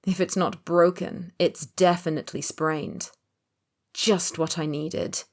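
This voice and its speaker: Low-voiced woman narrating an audiobook. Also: steady tone, slow pace. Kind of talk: first-person scripted narration.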